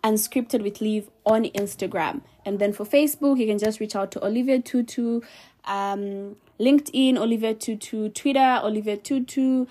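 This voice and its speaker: Animated young woman podcaster. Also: fairly high pitch, normal speed. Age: 20s. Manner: animated, preachy and playful. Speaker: podcast host. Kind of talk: casual solo podcast talk.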